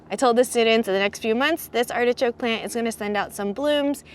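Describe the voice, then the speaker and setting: A woman's voice: a little high, brisk, a little hiss or hum. A woman who teaches gardening to children, talking casually to camera in an outdoor garden and retelling a class lesson in a friendly, teacherly way. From Southern California. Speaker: garden educator. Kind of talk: casual explanatory vlog.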